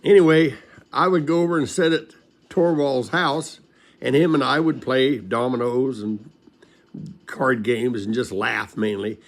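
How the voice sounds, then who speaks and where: A man's voice: medium pitch, steady tone, a little slow. An older man telling a rambling, folksy story from his childhood into a home recording, chuckling along as he goes.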